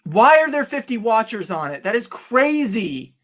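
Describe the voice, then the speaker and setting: A young online reseller streams live from his home office in a very high voice at a moderate pace. Casual and excitable, he laughs often and addresses his viewers head-on.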